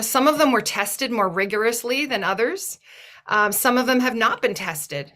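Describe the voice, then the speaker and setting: Bright-voiced earnest woman speaker. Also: on the high side. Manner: thoughtful, earnest, often restarts phrases. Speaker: webinar guest speaker. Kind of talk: reflective webinar talk.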